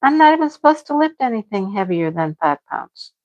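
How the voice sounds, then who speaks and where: A woman's voice: a little high, very animated, a little fast, lo-fi sound. A middle-aged woman hosting a livestream, chatting casually with viewers and venting frankly, laughing now and then. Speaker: livestream host. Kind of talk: casual chat with live viewers.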